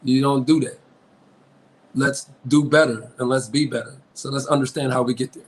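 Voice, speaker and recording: A man co-hosting a podcast, talking in an emphatic, preachy way that climbs close to shouting when he gets riled. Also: mid-range voice, fairly even intonation, normal speed, rough recording. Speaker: podcast co-host. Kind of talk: heated casual debate.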